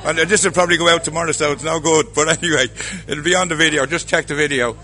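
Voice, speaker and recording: A man's voice: fairly high pitch, fairly even intonation, quick pace, pushed and bright. An Irish man hosting casual walkabout interviews at a festival, chatty and jokey, laughing often. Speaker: roving host at a festival.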